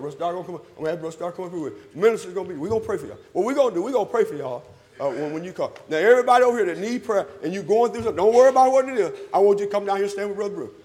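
A man preaching a sermon, calling for responses, repeating his phrases and rising to loud emphatic peaks. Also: high voice, big-room sound. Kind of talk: sermon with invitation call. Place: church hall.

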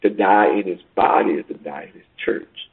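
A man preaching a sermon over a call, emphatic, swinging between loud peaks and quiet asides. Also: sits low, moderate pace, creaky, breathy edge. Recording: tinny phone line.

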